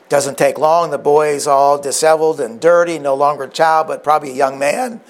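A man's voice: on the high side, fairly even intonation, normal speed. A man preaching a sermon, retelling a story vividly with frequent restarts and asides.

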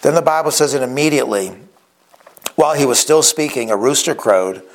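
A man's voice: medium pitch, expressive, brisk, gravelly. A man preaching a sermon in an earnest tone, acting out the quoted speakers as he retells scripture stories. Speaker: pastor.

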